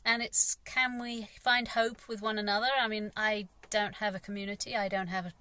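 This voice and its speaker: English woman gardener, middle-aged, for a candid rambling monologue; bright timbre. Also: medium pitch, level tone, moderate pace. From England. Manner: rambling, frank, sighing, swears. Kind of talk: casual personal vlog monologue.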